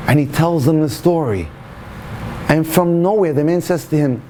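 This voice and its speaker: A man's voice: a little high, moderate pace, a little mellow, a little hiss or hum. A man who is a rabbi, telling a story in a passionate, dramatic lecture style.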